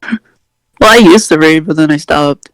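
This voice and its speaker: Goofy guy with a high voice joking around with his game group, dry close sound. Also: unhurried, a bit bright, no room sound. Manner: goofy, self-mocking, chatty. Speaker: tabletop game player. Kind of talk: casual chat.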